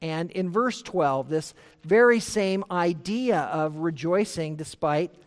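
A male pastor delivering a verse-by-verse sermon, his voice ringing with a long hall reverb. He presses words hard, then drops almost to a murmur. He reads his scripture quotes slowly and deliberately. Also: on the high side, lively intonation. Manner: emphatic, swings from loud to hushed; slows down to read scripture aloud. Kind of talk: expository sermon.

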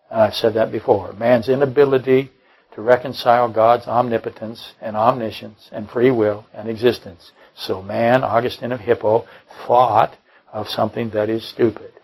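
A man's voice: mid-range voice, husky, poor audio. An older man preaching a sermon, blunt and combative, often repeating and restarting his phrases. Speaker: pastor. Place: church service.

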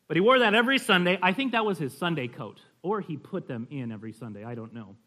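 A man's voice: fairly high pitch, expressive, brisk, sharp tone. A man teaching a class on church history in a conversational way, telling stories and often checking in with his listeners. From California.

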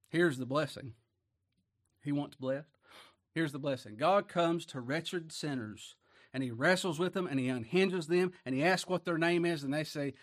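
A man preaching a sermon in a folksy way, asking rhetorical questions and swinging between loud declarations and low, quiet asides. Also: moderate pace.

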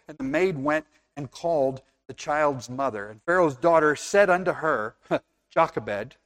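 A man's voice: on the high side, normal speed, a bit bright. A man preaching a sermon in an earnest, conversational way, now and then acting out little scenes.

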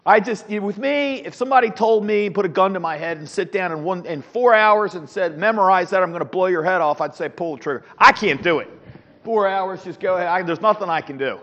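A middle-aged man teaching a Sunday school class, animated, with rhetorical questions and frequent restarts. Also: high-pitched, a little fast. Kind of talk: Bible teaching. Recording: dull lo-fi sound with long hall reverb.

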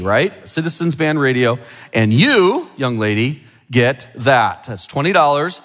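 Chatty pastor in a reverberant church. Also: male voice, a little high, lively intonation, measured pace, a bit bright. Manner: chatty, asks the room questions often. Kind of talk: sermon with a children's object lesson. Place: church sanctuary.

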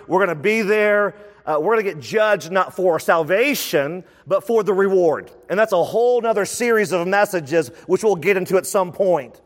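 A high-pitched man preaching in a loose, conversational way, repeating words to drive his points home. His voice carries with a long reverb, as if it fills a large church sanctuary. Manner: lively and conversational, with repetition for emphasis. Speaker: pastor. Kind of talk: sermon.

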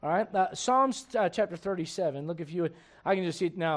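A man preaching a sermon as pastor of a church, emphatic and swinging between loud bursts and low asides. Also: fast talker.

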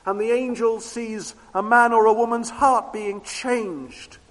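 Male preacher, high-pitched, slow and deliberate, repetitive emphatic sermon delivery, long reverb of a meeting hall. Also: steady tone. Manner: swings between loud declaring and hushed low tones.

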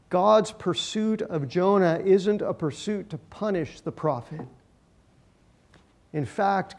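A man preaching a sermon, emphatic, with his voice swelling loud and then dropping quiet. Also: on the high side. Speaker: pastor.

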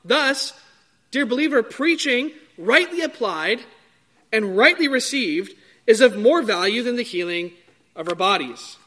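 A man preaching a sermon in a measured, emphatic way, drawing out key words. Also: extremely high pitch, expressive, a bit bright.

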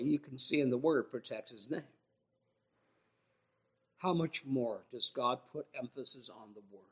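A male preacher delivering a sermon in a high, bright voice at an unhurried pace. He swings between loud, pleading exhortation and hushed near-whispers, with mocking, joking asides along the way.

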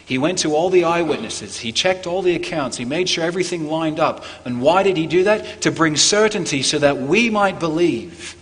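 A man preaching a Christmas sermon as pastor, earnest, climbing for emphasis and falling low and quiet on key points. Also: moderate pace, hardly any pauses, in a large hall. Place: church.

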